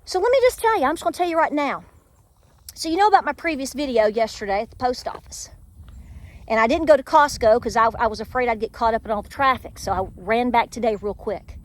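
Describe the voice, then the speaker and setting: Her voice sits high, animated and a little fast. In a casual faith-filled vlog, the middle-aged Tennessee homesteader delivers earnest, almost preachy encouragement.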